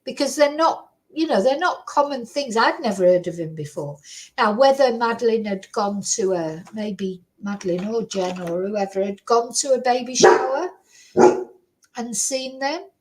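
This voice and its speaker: A woman's voice: fairly high pitch, animated, moderate pace, slight background noise, rough recording. A woman hosting a true crime chat at her computer, talking casually and ramblingly with lots of "you know" and tag questions. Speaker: true crime channel host. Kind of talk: casual solo commentary to viewers. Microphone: computer microphone at a desk.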